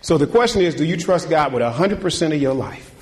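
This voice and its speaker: A male pastor preaching. His voice sits a touch high for a man. He moves from soaring, raised exhortation down to hushed, intimate talk and back. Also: expressive, quick pace. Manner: swings from loud, high preaching to quiet, low talk; folksy, conversational preaching with call-and-response. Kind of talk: sermon.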